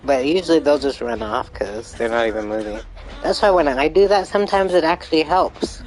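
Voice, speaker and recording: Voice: mid-range voice, expressive, fairly quick, a little mellow, rough recording. A live streamer chatting casually and rambling through gameplay commentary, sometimes swearing when frustrated.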